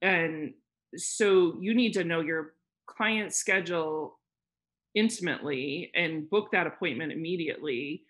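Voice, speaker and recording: A woman real estate agent, a podcast guest, telling lively stories with frequent laughter and lots of fillers. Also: sits low, unhurried. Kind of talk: casual storytelling chat.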